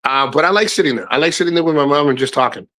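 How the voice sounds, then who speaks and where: A middle-aged man with a bright, forward voice that sits slightly high for a man, chatting to his stream viewers. He talks frankly and loosely, often restarting his sentences and swearing as he goes. He speaks straight to his audience. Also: racing. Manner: rambling, frank, swears freely, many restarts; addresses viewers directly. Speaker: live streamer. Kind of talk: casual livestream chat.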